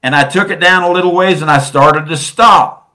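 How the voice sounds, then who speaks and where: A man preaching a sermon, swinging between soft and loud and stretching out phrases for emphasis. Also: on the high side, fairly even intonation, quick pace.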